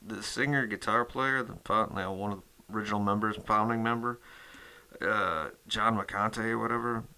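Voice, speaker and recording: A man's voice: lowish voice, fairly even intonation, brisk, bright, forceful tone. A man hosting his metal music channel in a rambling casual chat, cursing constantly and full of fillers.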